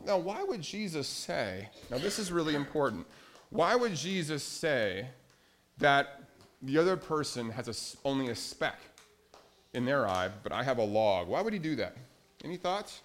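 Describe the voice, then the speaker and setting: A man, a pastor, giving a children's sermon in a church and asking the kids questions as he goes. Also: medium pitch. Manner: animated, asks children questions. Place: church sanctuary.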